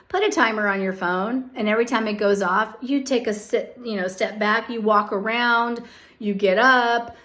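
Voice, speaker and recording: A woman's voice: on the high side, a bit bright. A woman giving a direct-to-camera psychic energy forecast, earnest and coaxing, often checking in with "okay?" as she speaks straight to the listener. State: hiccups.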